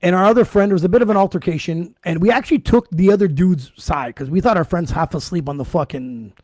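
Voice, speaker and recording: A man's voice: high voice, fast talker, no room sound. A man co-hosting a podcast, telling a bar story in casual, profane chat and acting out the quoted lines. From Canada. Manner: animated, profane, acts out quoted dialogue. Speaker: podcast co-host.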